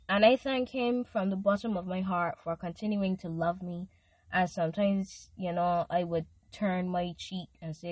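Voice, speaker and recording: A woman's voice: lowish voice, darkish tone, dry recording. A young woman hosting a Christian podcast, speaking earnestly and emotionally and leading listeners in prayer. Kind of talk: devotional podcast talk with prayer.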